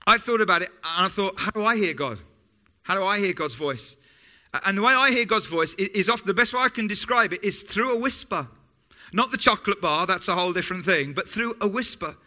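A man's voice: sits high, sharp tone. A man preaching a sermon in a chatty, informal way, stumbling over words and breaking off for jokey asides. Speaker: pastor.

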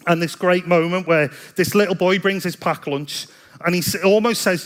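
A man's voice: high voice, steady tone, normal speed, smooth. A man preaching a sermon in a chatty, self-deprecating storytelling way. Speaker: pastor.

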